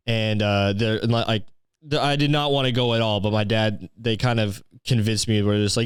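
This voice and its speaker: Foul-mouthed young podcast host. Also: male voice, fairly low pitch, fairly even intonation, normal speed, smooth, no room sound, studio quality. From Canada. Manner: crude, exaggerated, sarcastic, swears constantly. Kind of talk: profane comedic rant.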